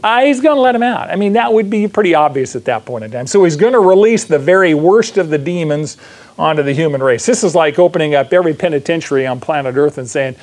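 Emphatic male preacher, slightly high voice. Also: animated, fast talker, a little mellow. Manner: emphatic, repeats phrases, asks the audience "right?". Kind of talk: sermon, verse-by-verse Bible teaching.

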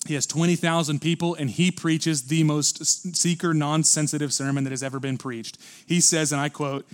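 A man preaching a sermon at a church service, earnest and building to forceful emphasis. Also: fairly high pitch, fairly even intonation, moderate pace, hardly any pauses. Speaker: pastor.

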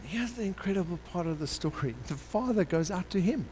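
Animated male preacher in a reverberant hall. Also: high-pitched, a little fast. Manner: animated storytelling, acting out characters. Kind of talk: sermon. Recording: long hall reverb with faint background noise.

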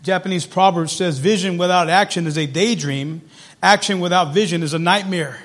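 A man preaching as pastor, telling his story quietly, then building to loud, fervent calls. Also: high voice, normal speed. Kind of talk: sermon.

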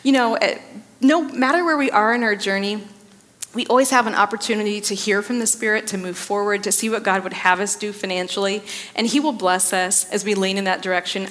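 A woman's voice: mid-range voice, a bit bright. A woman in her thirties giving a sermon to a church audience, engaging them with questions and laughing at her own jokes. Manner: engaging, asks the audience to respond. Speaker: speaker at a church service. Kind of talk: sermon on faith and finances. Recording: reverberant hall.

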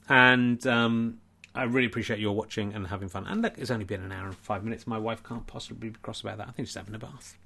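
A man's voice: fairly low pitch, steady tone, fast, vocal fry. A man, a comedian hosting a charity livestream, rambling and mock-pleading in late-night comic chat. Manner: rambling, mock-pleading, often hushed and quiet.

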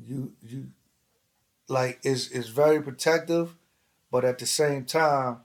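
A man's voice: medium pitch, slow. A man telling stories in casual, slangy, profane chat as a podcast host, acting out other people's lines.

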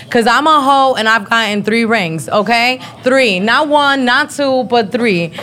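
A woman's voice: fairly high pitch, measured pace, hardly any pauses, fairly bright tone. A woman in her thirties hosting a live podcast show, talking bluntly and profanely with frequent laughter. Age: 30s. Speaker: podcast host. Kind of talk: casual live-show chat.

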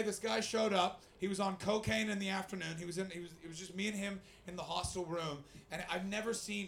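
A young Canadian man doing stand-up, telling loose, profane stories and chatting with the crowd. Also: high voice. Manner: loose, profane, animated storytelling. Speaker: stand-up comedian. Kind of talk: stand-up crowd work and storytelling.

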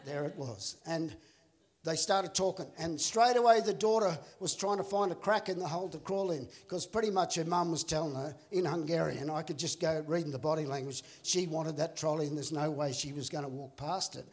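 A male pastor, telling a story in a sermon with animated, laughing delivery and voices for the characters. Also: a little high, a little fast. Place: church auditorium.

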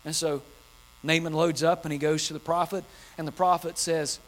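A man's voice: on the high side, steady tone, moderate pace, fairly bright tone. A man preaching an impassioned sermon, driving home key phrases by repeating them. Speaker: pastor.

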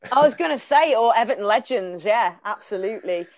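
A woman's voice: fairly high pitch, expressive, fairly quick, no echo, dull audio. A woman hosting a casual podcast chat, effusive and full of praise. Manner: effusive, warm praise, frequent laughter. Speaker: podcast host.

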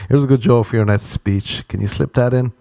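A man's voice: mid-range voice, fairly quick, gravelly, mellow, dry recording. A young Irish man hosting a solo comic podcast, rambling and swearing freely and laughing at his own jokes. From Ireland. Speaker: podcast host.

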